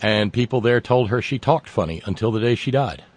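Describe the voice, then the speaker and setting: A man's voice: medium pitch, animated, a little fast. A man hosting a radio chat in a folksy, joking way, often restarting his sentences. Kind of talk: casual radio conversation.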